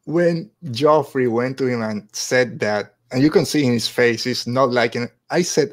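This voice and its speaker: A man's voice: mid-range voice, moderate pace, hardly any pauses. A man in casual podcast chat, recapping a TV episode and acting out the characters' lines in quotes. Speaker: podcast co-host.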